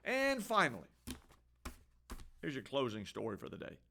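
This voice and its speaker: A man's voice: medium pitch, huge pitch swings, moderate pace, creaky, bright, forceful tone, slight background noise. A man hosting a daily headlines show, reading the news in an offhand, opinionated way with frequent restarts. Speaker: host. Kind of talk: casual news commentary.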